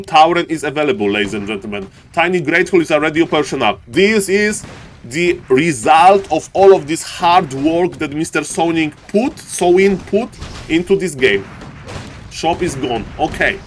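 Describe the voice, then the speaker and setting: A man from Poland with a thick Polish accent, giving live esports commentary for a stream audience and often calling out to "ladies and gentlemen" with jokey asides. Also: fairly high pitch, expressive, moderate pace, slight background noise. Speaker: esports caster.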